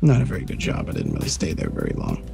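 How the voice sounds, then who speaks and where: A man co-hosting a podcast, telling a rambling, animated workplace story in casual chat. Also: rapid-fire, music in the background. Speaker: podcast co-host.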